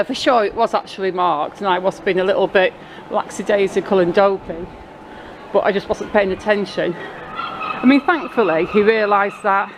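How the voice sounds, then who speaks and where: With poor audio quality, a medium-pitched woman from Blackpool chats through a rambling, casual story. It's a walking vlog shot outdoors on a crowded town street with a handheld camera mic, and street noise sits behind her voice.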